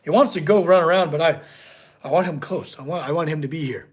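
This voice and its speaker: Man, husky, fairly high voice, chatty, rambling, live-stream chat from a home workshop. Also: fast talker. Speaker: blacksmith streamer.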